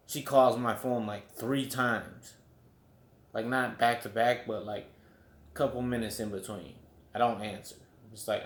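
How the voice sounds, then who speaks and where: In an echoey room at home, a vlogger with a lowish voice tells a story casually. His manner is loose and profane, and he swears freely while padding his speech with "like" and "you know."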